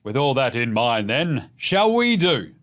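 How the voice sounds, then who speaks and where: Australian male podcast host, sweary casual chat, very lively pitch. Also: measured pace. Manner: animated, profane, mimics voices for jokes.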